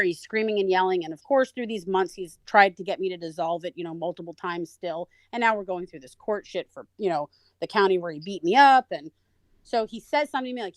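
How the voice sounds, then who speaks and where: A woman guest in an interview, telling her own story in a lively way and acting out the voices of people she quotes. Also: mid-range voice, brisk, dry recording. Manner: animated, acts out quoted voices. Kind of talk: conversational storytelling.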